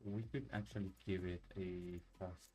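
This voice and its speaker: A man with a lowish voice demos his software over a screen share. He thinks aloud, restarting sentences and dropping fillers as he clicks around. Faint music plays underneath. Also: fairly even intonation, moderate pace, low-quality recording. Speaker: software developer demoing his project. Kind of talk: casual screen-share walkthrough.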